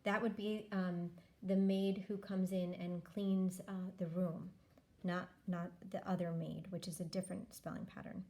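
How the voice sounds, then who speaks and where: Woman teacher, warm low-key tone, patient step-by-step phonics modeling. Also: little pitch movement. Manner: slow, patient, modeling each step aloud. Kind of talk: phonics lesson.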